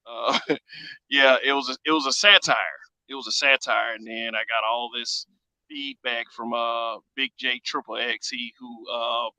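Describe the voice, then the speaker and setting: A male podcast host who rambles through his point and leans on fillers. His tone is sharp and bright, and the sound is dry and close. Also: mid-range voice, steady tone, a little slow, no room sound, rough recording. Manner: rambling, full of uh fillers, laughs often. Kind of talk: casual podcast chat.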